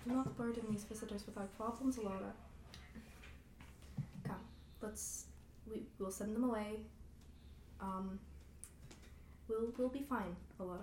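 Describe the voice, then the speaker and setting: A woman voicing an old, weary male elf father who speaks softly and quietly in a tabletop game. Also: medium pitch, brisk, pauses often, roomy sound, noisy background, natural voice. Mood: resigned. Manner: soft, tired and quiet.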